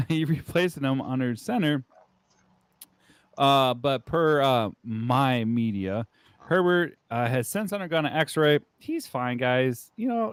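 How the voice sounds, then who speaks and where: A man's voice: on the high side, clear, resonant tone, no room sound. A man co-hosting a casual comedic podcast, joking and profane as he plays the show's injury doctor. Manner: joking, profane, switches into bits.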